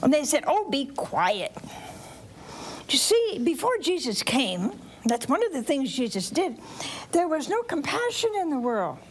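Brief: woman preacher, fairly high voice with lots of rise and fall, chatty, keeps asking the congregation questions. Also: normal speed, a little hiss or hum. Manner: animated, chatty, quizzes the audience directly. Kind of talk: sermon with Bible storytelling.

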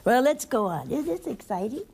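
A woman preaching a sermon, telling scripture stories with lively asides and chuckles. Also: on the high side, brisk, vocal fry, slightly rough. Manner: animated storytelling with asides and laughter.

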